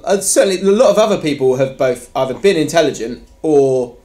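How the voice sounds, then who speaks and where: A man hosting a casual football podcast, chatty and quick to laugh. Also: fairly high pitch, expressive, mellow. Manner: laughs often, loose and chatty. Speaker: podcast host.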